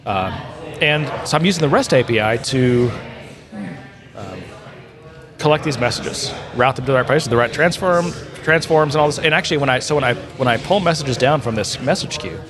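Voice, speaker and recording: Crowd noise surrounds a man with a medium-pitched, expressive voice who talks at a moderate pace. He co-hosts a laid-back technical podcast as a software integration developer, eagerly explaining integration work while rambling and correcting himself.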